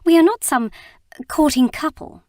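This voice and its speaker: A woman's voice: medium pitch, a little fast, a little mellow, dry recording, studio quality, close to an everyday voice. A woman reading the part of a proper young wife in an audiobook, in a prim, earnest manner.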